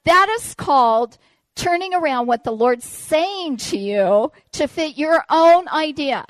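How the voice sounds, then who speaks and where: A woman preacher telling a personal story in a sermon, animated and self-deprecating. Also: high voice, slow pace, dry recording.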